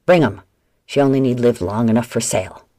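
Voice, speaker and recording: A woman's voice: extremely low pitch, moderate pace, mellow, no room sound, studio quality, voice pushed down. A woman voicing a cruel, portly male slaver who jeers, drawls and bellows orders. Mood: bellowing.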